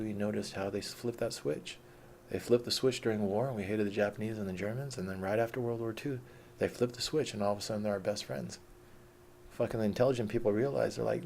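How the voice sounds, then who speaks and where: A middle-aged man with a low, heavily gravelly voice rants in a casual vlog. He is profane, combative and mocking. A faint hiss sits under the recording. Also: a little mellow. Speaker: vlogger. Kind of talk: unscripted rant.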